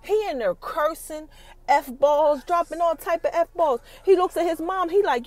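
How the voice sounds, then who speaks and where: Podcast host, woman, high voice, slangy animated recap with teasing build-ups. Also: measured pace. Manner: slangy, conversational storytelling. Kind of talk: casual TV episode recap.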